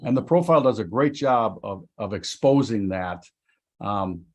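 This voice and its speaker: A man's voice: fairly low pitch, lively intonation, moderate pace. Rambling male markets-show host. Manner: loose and rambling, many fillers and restarts, laughs easily. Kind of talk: casual chat.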